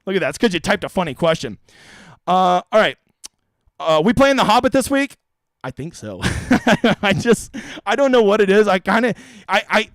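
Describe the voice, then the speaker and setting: A man's voice: high voice, no room sound. A young man hosting a live stream, answering chat questions with brash, jokey, crude banter. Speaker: fantasy golf streamer.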